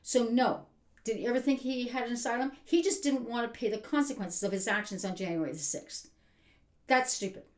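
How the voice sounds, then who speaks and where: A woman's voice: fairly high pitch, brisk. A woman giving an exasperated, emphatic rant as a vlogger. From Canada. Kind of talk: ranting commentary. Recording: roomy echo.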